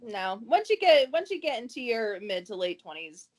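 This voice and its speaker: A woman's voice: a little high, very animated, moderate pace. A woman in her thirties hosting a casual interview, chatty, laughing often and restarting her sentences. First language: English. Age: 30s.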